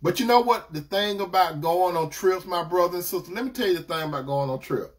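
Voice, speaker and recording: Preacherly man, fairly high voice. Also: expressive, brisk. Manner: repetitive, preacherly, addresses brothers and sisters. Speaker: relationship teacher. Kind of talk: live-streamed preaching talk.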